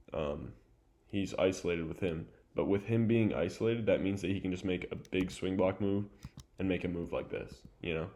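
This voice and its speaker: A man's voice: deep voice, dark tone. A young man casually breaking down volleyball game film, chatty and loose with lots of fillers and asides.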